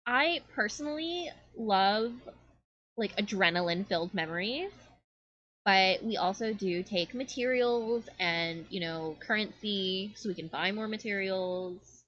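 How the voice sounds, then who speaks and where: A woman's voice: mid-range voice, a little slow, a bit bright, highs cut off, natural voice. A woman voicing a ditzy, rambling young fairy enchantress with bubbly chatter and lots of fillers, in a tabletop game.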